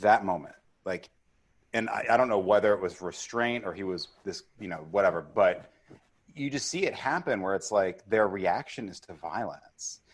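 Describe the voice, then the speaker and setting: Guest activist, young man, low voice, filler-heavy, gets emotional. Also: normal speed, husky. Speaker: activist and assembly candidate, guest. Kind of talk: emotional casual conversation.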